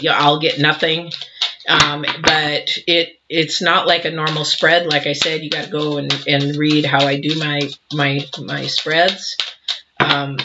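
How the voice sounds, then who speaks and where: A man's voice: on the high side, very noisy. Guy doing a tarot reading, earnest and kinda emotional, stops and restarts a lot, dull lo-fi sound. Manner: earnest, halting, with frequent restarts and soft laughs; heartfelt and a little emotional. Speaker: tarot reader. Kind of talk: intuitive tarot reading to camera.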